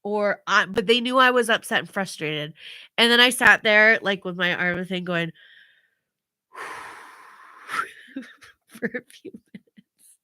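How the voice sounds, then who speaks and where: Mom podcast co-host, bright voice, dry close sound, animated storyteller. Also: female voice, mid-range voice, slow, long pauses, smooth, no room sound. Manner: animated storytelling, acts out family members' voices, laughs often. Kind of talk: casual chat.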